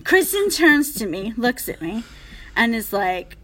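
A woman tells a funny backstage story in casual chat, laughing often, acting out what others said, and saying "like" a lot. Her voice is a little high and fairly bright, with big pitch swings and an unhurried pace.

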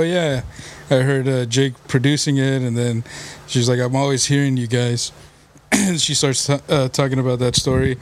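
A man co-hosting a podcast, telling a story in casual chat with lots of laughter and quick impressions of others. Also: mid-range voice. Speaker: podcast co-host.

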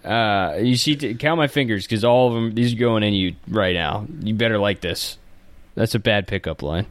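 A man's voice: lowish voice, moderate pace, dry recording. Man in dry, close-miked comedy chat.

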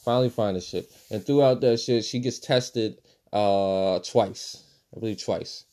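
A man giving a casual, profane movie review, swinging between loud outbursts and low mutters. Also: measured pace.

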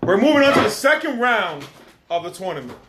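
High-voiced profane male podcast host. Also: very animated, fairly quick, noisy background. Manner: blunt, profane, ranting. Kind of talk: casual podcast chat.

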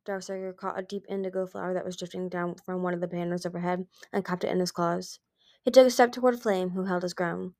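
A woman's voice: lowish voice, fairly even intonation, fast talker, a little mellow, dry recording. Woman reading a story aloud, dry. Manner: reads with small slips and restarts. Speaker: audiobook reader.

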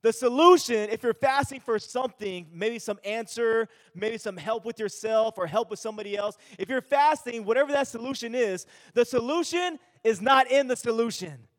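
A man's voice: very high voice, moderate pace, few pauses, big-room sound. A male pastor giving an earnest sermon, repeating himself and restarting phrases as he speaks.

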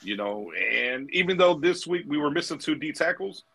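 Husky, bright-toned man talking football. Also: on the high side, animated. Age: older. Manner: halting, repeats words. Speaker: podcast panelist. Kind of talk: casual sports chat.

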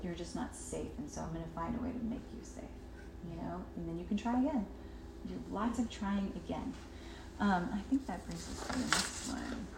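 A woman's voice: fairly low pitch, brisk, gravelly. Woman presenter at a parenting workshop, talkative and loose, acts out kids' lines, recorded in a roomy space with faint hiss. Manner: chatty, many fillers, acts out children's voices. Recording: roomy echo, faint noise.

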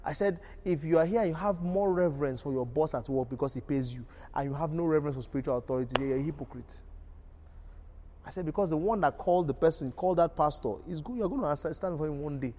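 Male pastor, sermon delivery, conversational with frequent "you understand?" and forceful climaxes. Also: a little high, quick pace. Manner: repeats "you understand?", builds to loud emphatic peaks. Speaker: preacher.

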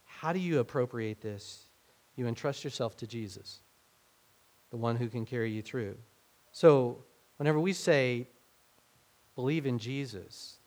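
Speaking at a medium pitch with a darkish tone, a pastor delivers a sermon in a conversational way. When he quotes someone, he acts the words out and builds the emphasis.

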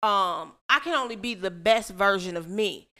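Bright, emphatic woman in casual chat. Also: medium pitch, moderate pace. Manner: emphatic, restarts often while explaining. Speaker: podcast co-host.

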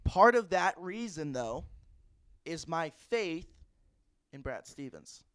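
Enthusiastic guy cohosting a sports pod, smooth clear voice, keeps restarting his sentences. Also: a little high, very animated, slow pace, a bit bright, no room sound, studio quality. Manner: enthusiastic, emphatic, restarts often. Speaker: podcast co-host. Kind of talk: casual sports chat.

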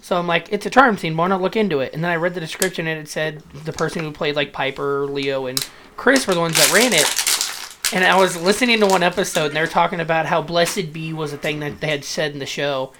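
A co-host of a podcast telling animated, profane anecdotes in casual chat. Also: mid-range voice, brisk, slight background noise.

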